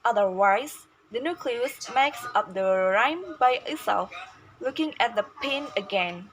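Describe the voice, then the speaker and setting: A woman student reads out definitions for her classmates in a measured, explanatory tone. Her voice sits a little high. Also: expressive, fairly bright tone, slight background noise, poor audio. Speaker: student presenter. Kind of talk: reading a class presentation.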